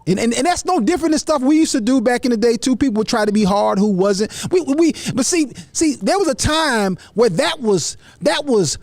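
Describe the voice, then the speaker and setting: A man hosting a casual panel discussion, animated, often repeating his words as he goes. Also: very high-pitched, fairly quick, creaky, few pauses, no room sound. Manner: animated, repeats words, acts out others' voices. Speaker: talk show host.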